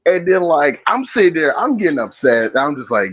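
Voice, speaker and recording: A man co-hosting a casual podcast, telling an animated, profane story and roasting a stranger between laughs. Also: a little high, moderate pace, husky, no echo. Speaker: podcast co-host. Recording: dull lo-fi sound.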